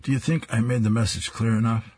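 Man reading comic fussy mom, chatty, husky. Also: medium pitch, fairly even intonation, fast talker, darkish tone, no echo, natural voice. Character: fussy mother proud of clean carpets.

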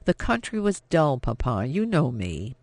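A man voicing a headstrong young woman of nineteen, impassioned and sharp as she stands up to her father. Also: mid-range voice, wildly swooping pitch, measured pace, no room sound. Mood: defiant.

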